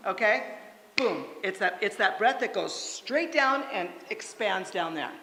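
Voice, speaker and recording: A woman leading a choir workshop, coaching breathing and singing warm-ups with lively encouragement. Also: medium pitch, unhurried. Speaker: choir director. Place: church hall. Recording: echoey church room, long reverb, loud instruments.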